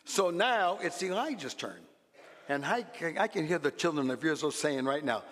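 A man preaches a sermon with a fairly high voice, dropping to quiet asides and then rising to loud exclamations. His words ring out with a long reverb that fills a church hall. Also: animated, normal speed. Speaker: pastor.

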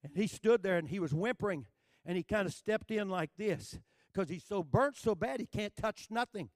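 Folksy older Texan preacher, high voice. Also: male voice, moderate pace, no room sound, studio quality. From Texas. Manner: folksy, joking, builds to shouting. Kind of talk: sermon storytelling.

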